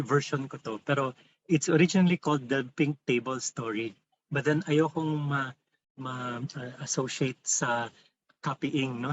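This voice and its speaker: A man with a Filipino accent telling stories in an animated way while training teachers in a webinar, switching between English and Tagalog. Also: medium pitch. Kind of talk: webinar storytelling lesson. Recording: dull dry lo-fi webinar audio.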